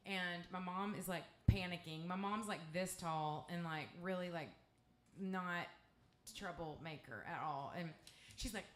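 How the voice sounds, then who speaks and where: A woman with an East Texas accent spins a candid, salty, meandering story between songs. She talks at a slightly low pitch through a stage microphone. Her voice rings around an echoey live club room. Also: measured pace, a bit bright. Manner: candid, profane, rambling storytelling. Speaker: guest singer-songwriter.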